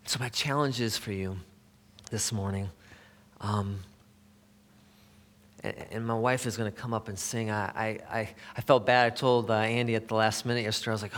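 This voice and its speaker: A man preaching a sermon in a conversational, halting way, with many fillers and restarts, sometimes dropping to a soft near-whisper for emphasis. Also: fairly low pitch, in a large hall.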